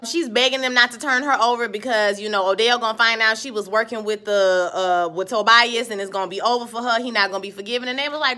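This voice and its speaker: A woman's voice: fairly high pitch, moderate pace, bright, forceful tone. A woman giving a sassy, slangy, casual recap of a TV episode, talking straight to her viewers.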